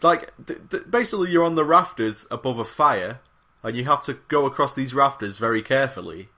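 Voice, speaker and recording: A man's voice: mid-range voice, lively intonation, brisk, pushed and bright. A young man on a gaming podcast, rambling through a casual chat with lots of fillers. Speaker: podcast co-host.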